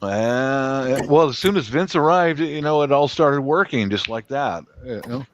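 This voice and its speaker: A man's voice: medium pitch, expressive, a little slow, no echo, muffled recording. A man chatting casually on a family live stream, easygoing and teasing, speaking through a webcam mic at home. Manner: easygoing, teasing, rambling about cars. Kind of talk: casual chat.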